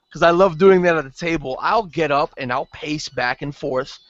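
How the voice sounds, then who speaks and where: A man talking casually about running tabletop games, speaking in quick animated bursts on a video call. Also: fairly high pitch, dry recording. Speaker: game master panelist. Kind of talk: casual hangout chat. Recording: dull lo-fi video call audio.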